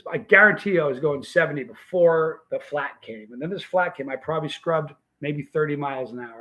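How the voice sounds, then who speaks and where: Male vlog host, slightly high voice, casual, emphatic storyteller. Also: a bit bright, rough recording. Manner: rambling, emphatic, restarts sentences.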